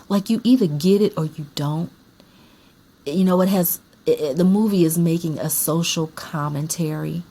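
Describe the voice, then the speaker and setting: Low-voiced chatty woman vlogger. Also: moderate pace, warm tone, husky. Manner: chatty, emphatic, repeats herself for effect. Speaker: movie collector vlogger. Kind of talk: casual chat about films.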